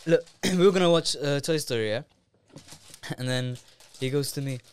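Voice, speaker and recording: A man's voice: fairly high pitch, moderate pace, clear, resonant tone, no echo. A young man chatting casually, telling stories with lots of slang and laughter. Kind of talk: casual group chat.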